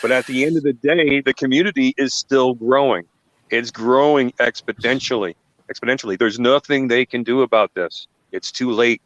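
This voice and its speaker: A man's voice: mid-range voice, normal speed, hardly any pauses, no echo. A middle-aged man hosting a live online panel, telling a personal story in an earnest, casual way. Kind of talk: casual chat. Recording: dull, dry sound.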